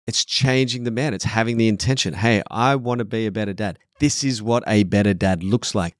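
A man's voice: on the low side, brisk, no echo, clean studio sound. A middle-aged man on a podcast, speaking bluntly and emphatically, swearing often and acting out quoted voices. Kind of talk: podcast conversation.

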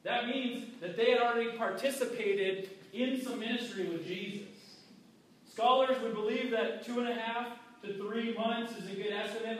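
A man preaches a sermon in a loose, conversational way and slips into the voices of the people in his story. His voice sits fairly high. He is recorded from a distance in a very echoey church hall. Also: a bit bright. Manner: conversational, acts out quoted voices. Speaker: pastor. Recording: very echoey hall, mic far off.

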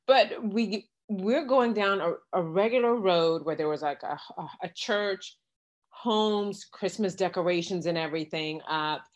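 A middle-aged woman telling a personal story in casual conversation, acting out the exchanges she quotes. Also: on the low side. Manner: animated retelling with quoted exchanges. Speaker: guest.

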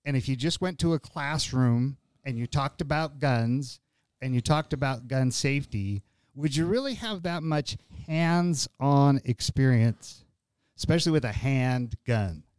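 Man, podcast host, conversational, restarts phrases, mid-pitched voice. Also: expressive, measured pace, darkish tone, clean tone, no echo. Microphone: studio podcast mic.

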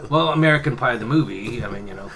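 Mid-pitched man reading facts casually. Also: expressive, fast talker, crowd noise. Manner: reads facts aloud, hesitant fillers. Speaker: podcast co-host. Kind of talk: casual banter.

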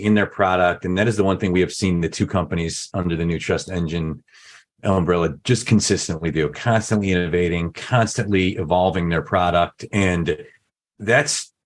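Deep-voiced man giving earnest advice. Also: normal speed. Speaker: industry member organization leader. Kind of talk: conversational commentary.

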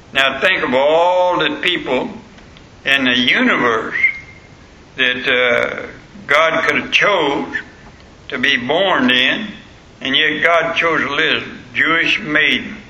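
A man's voice: medium pitch, pushed and bright. An older man, a pastor preaching a folksy sermon and telling homespun stories full of "uh" fillers. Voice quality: gravelly, homespun. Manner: plain-spoken, storytelling, frequent "uh" fillers. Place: church sanctuary. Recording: echoey church sanctuary.

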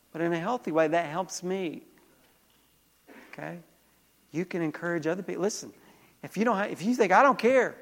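A male pastor with a high voice preaches a sermon in a church sanctuary. His delivery is emphatic and he keeps calling out to the congregation for a response. A long reverb trails off his words.

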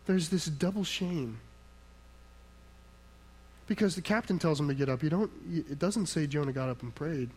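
A male pastor delivering a sermon with a voice a touch higher than most men's. He talks emphatically and conversationally, posing rhetorical questions and answering them himself, with frequent asides to his listeners. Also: normal speed, long pauses, darkish tone, husky, poor audio.

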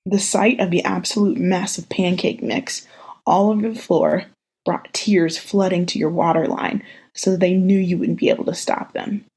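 Husky woman reading a story. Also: on the low side, a little mellow. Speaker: podcast host reading fan fiction.

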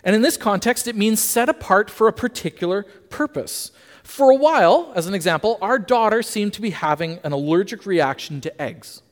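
Male preacher with a bright, swooping delivery and a conversational sermon style, heard in a church hall with a lingering echo. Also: high voice, moderate pace. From Canada. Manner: lively, emphatic, asks the congregation questions.

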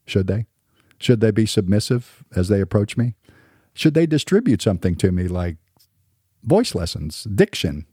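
Wry middle-aged American man, low dark voice. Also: sing-song, moderate pace, husky, no room sound, studio quality. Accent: mostly standard American. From Southern United States. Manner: wry, sarcastic asides. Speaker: podcast host. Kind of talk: scripted monologue with asides.

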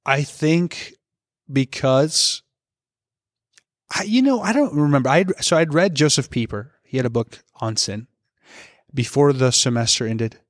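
A man's voice: medium pitch, lively intonation, unhurried, long pauses, no echo, clean studio sound. Reflective young man musing candidly. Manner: reflective, candid, loosely rambling. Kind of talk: casual faith discussion.

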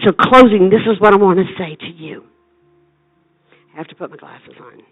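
A woman's voice: mid-range voice, moderate pace, phone-quality sound, soft background music. An older woman evangelist preaching a sermon with passion, building into rhythmic repeated calls. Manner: impassioned preaching, rising into rhythmic shouted repetition.

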